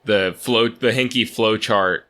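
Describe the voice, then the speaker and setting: A man's voice: on the low side, a little slow, fairly bright tone. A young man co-hosting a casual sports podcast, rambling with lots of restarts and "like". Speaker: podcast co-host.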